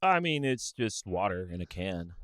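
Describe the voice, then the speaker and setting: A man's voice: sits low, sing-song, normal speed, fairly bright tone, dry recording, clean studio sound. A man co-hosting a podcast, arguing his views in a casual but emphatic, preachy way. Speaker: podcast co-host. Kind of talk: casual opinionated chat.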